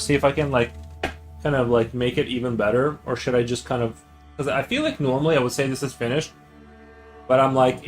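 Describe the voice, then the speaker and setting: A man's voice: medium pitch, normal speed, faint music behind, rough recording. Rambling young man chatting while drawing. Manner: rambling, full of "like" fillers and restarts. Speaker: artist streamer. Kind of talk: casual chat while drawing on stream.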